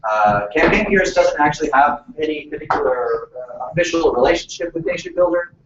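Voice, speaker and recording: A man's voice: on the high side, lively intonation, fairly quick. A man running a workshop, talking casually with lots of fillers and restarts. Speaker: workshop facilitator. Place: meeting room. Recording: echoey room from far off, muffled, noisy.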